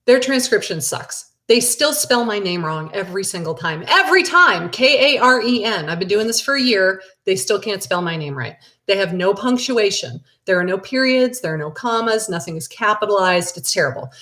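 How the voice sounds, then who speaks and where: A middle-aged woman talks other agents through her weekly routine in a loose, chatty class. Her voice sits mid-range and jumps up when she gets excited. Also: normal speed, hardly any pauses. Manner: chatty and animated, with big excited jumps in pitch. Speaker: real estate agent teaching a class. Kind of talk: casual live class, answering viewer questions.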